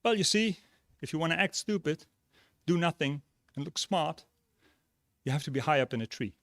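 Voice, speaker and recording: A man's voice: on the high side, lively intonation, normal speed, fairly bright tone, no room sound, clean studio sound. A man voicing a smug, lazy raven in a fable told during a ceremony speech.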